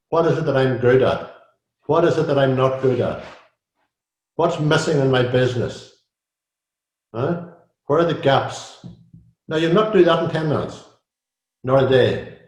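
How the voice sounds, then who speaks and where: A man's voice: mid-range voice, darkish tone. An older man, a coach and guest, talks in a casual interview, chatty and repeating himself often. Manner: chatty, repeats himself, many "you know"s. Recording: roomy echo.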